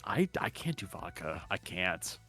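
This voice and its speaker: Low-voiced with a breathy edge, this man keeps a measured pace as he co-hosts a live stream with faint music behind him. The chat is casual; he rambles, gets animated, laughs a lot and restarts words.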